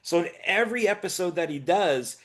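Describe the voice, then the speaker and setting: Male co-host, animated casual storyteller, slightly raised pitch. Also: a little fast. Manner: animated storyteller, retells bits with voices. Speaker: film review co-host. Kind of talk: casual chat.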